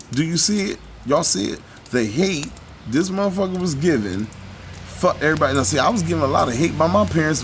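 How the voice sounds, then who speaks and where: Heated, swearing male live-stream ranter. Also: on the high side. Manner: heated, profane, preachy. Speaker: commentator. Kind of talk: ranting live commentary on clips.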